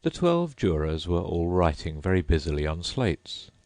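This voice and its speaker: Deep-voiced man narrating a storybook. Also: moderate pace, no echo. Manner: expressive storytelling reading. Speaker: audiobook reader. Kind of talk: scripted narration.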